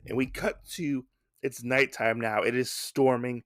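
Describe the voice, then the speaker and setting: A man's voice: medium pitch, fairly even intonation, measured pace, fairly bright tone, dry recording, clean studio sound. A man hosting a podcast, recapping a comic in a rambling, casual way with lots of asides. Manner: rambling, with many fillers and asides. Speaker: podcast host.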